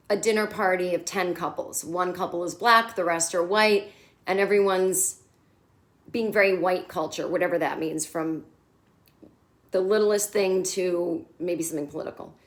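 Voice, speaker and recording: Brief: woman comedian, chatty and sarcastic, casual recap host, mid-pitched. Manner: animated, sarcastic, swears.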